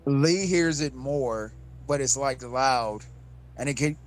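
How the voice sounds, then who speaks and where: A man's voice: mid-range voice, slow pace, low-quality recording. A man narrating a tabletop game as game master, casual and often repeating himself.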